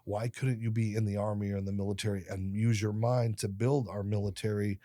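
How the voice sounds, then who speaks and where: A man in his late fifties, a podcast guest who tells his life stories in an animated way and acts out the people in them. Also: fairly low pitch, a little fast, no room sound, studio quality. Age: 50s. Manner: animated storyteller, voices other people in his anecdotes. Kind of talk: storytelling interview.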